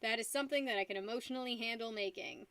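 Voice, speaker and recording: A woman's voice: on the high side, racing, a bit bright, dry recording. A young woman streaming casually, tipsy from wine, rambling and giggling while talking to her dog. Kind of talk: casual live-stream chat.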